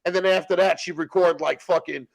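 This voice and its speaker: Gravelly-voiced man telling stories. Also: sits high, steady tone, brisk, dry recording, low-quality recording. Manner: profane, storytelling, acts out quotes. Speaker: guest telling prison stories. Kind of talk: casual chat.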